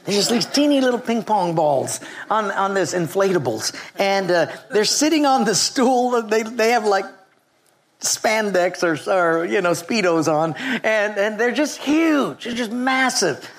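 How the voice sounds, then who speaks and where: A preacher giving a sermon who tells stories with lively energy and calls out to the congregation. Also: mid-range voice, unhurried. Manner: storytelling, animated, calls on the congregation.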